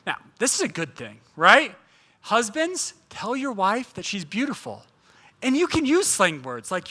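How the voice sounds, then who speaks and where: Male guest preacher with a high, very animated voice, telling his sermon with humor. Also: a little slow. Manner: humorous, conversational preaching with playful asides.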